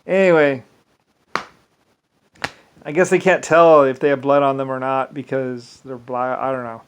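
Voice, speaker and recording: A man's voice: medium pitch, little pitch movement, a little slow, dull audio, slight background noise. A man talking in a rambling, casual monologue, often restarting sentences and slipping into quoted asides. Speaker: vlogger.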